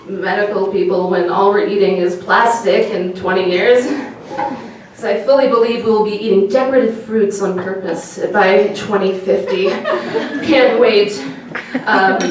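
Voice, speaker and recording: A woman's voice: medium pitch, a little hiss or hum. A woman comedian doing live stand-up, wry, rambling and self-deprecating. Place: cabaret piano bar stage. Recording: echoey room from far off.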